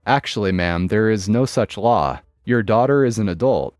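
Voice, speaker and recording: Police officer, formal, measured, low voice, man reading, dry close sound. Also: a little mellow, dry recording, soft background music, close to an everyday voice. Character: calm polite male police officer.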